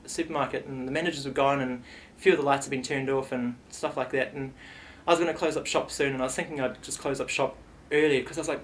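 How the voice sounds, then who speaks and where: A man's voice: mid-range voice, fast talker, hardly any pauses, slight background noise. A young man telling a silly comic story in a vlog, rambling and playful. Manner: rambling, playful, animated retelling. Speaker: vlogger.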